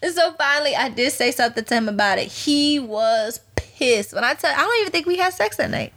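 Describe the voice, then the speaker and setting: High, bright-voiced woman telling frank stories. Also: expressive, fairly quick. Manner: frank storytelling, laughing often. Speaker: podcast co-host. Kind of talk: candid casual chat.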